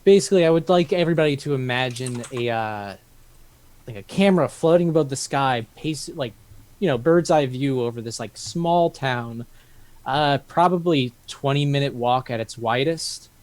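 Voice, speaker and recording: A man narrating as game master of a tabletop game, relaxed and loose, with many fillers. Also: mid-range voice, moderate pace, no echo. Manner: relaxed, filler-heavy, laughs easily.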